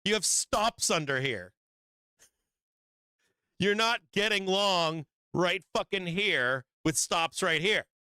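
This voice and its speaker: Cursing market-stream host guy, punchy forceful voice, crisp and dry, kinda high. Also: lively intonation, slow pace, long pauses, dry recording. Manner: profane, blunt, emphatic; laughs between points. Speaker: stock market show host. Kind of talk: live-streamed market commentary.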